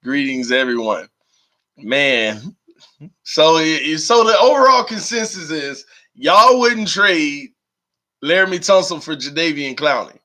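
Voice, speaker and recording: Casual live-stream host, a man, slightly high and bright, animated and chatty. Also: measured pace. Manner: animated, laughs often, reads viewer comments aloud.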